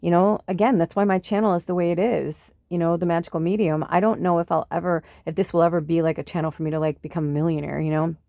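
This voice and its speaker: A woman's voice: on the low side, fairly even intonation, quick pace, gravelly, hardly any pauses, warm tone, dry recording, studio quality. A woman hosting a spiritual podcast, talking in a rambling, impassioned monologue full of fillers and swearing.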